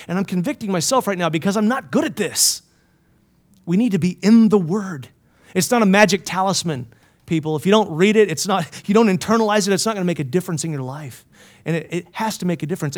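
A man preaching a sermon at a Bible college, emphatic and full of questions to his listeners, swinging between loud and hushed lines. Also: high-pitched. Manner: asks the listeners many questions.

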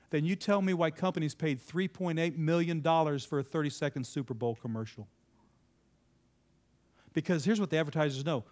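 A man with a fairly high, slightly mellow voice gives a conversational, sermon-style talk to a live audience. He asks them questions, repeats their answers, and lifts his voice with sudden emphasis.

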